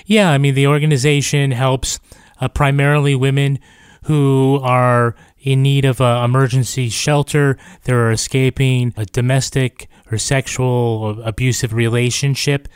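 A man co-hosting a true crime podcast, speaking haltingly with many pauses and fillers. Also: medium pitch, level tone, smooth, no room sound, studio quality. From New Hampshire. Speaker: podcast co-host. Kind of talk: casual podcast chat.

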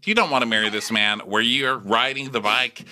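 A man hosting a casual comedy podcast, recapping a reality show and often jumping into high mocking impressions of its cast. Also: normal speed. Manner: animated, slips into high mocking impressions of the people discussed. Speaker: podcast host.

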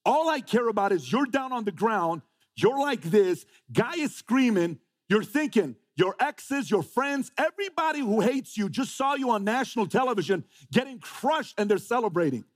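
Male motivational speaker, emphatic and repetitive, lively swooping delivery. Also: very high voice, moderate pace. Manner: emphatic, repeats phrases, rhetorical questions. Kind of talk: motivational talk to a live audience.

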